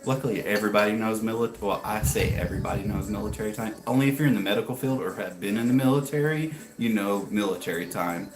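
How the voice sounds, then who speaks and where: Thirty-something american dude chatting on his stream, lowish voice, roomy garage echo. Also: quick pace, few pauses, music in the background. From United States. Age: 30s. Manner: chatty, greets viewers by name. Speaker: livestream host. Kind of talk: casual livestream chat. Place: home garage.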